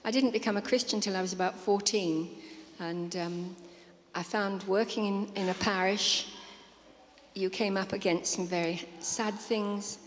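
A woman's voice: mid-range voice, steady tone, a little slow. A woman church member giving an earnest, slightly hesitant personal faith testimony in an interview. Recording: reverberant hall, faint crowd noise.

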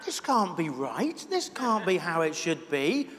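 A man's voice: a little high, sing-song, unhurried, a bit bright, slight background noise, voice pushed down. A man voicing Martha, a flustered perfectionist woman, complaining in a fretful way within a sermon. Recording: reverberant hall.

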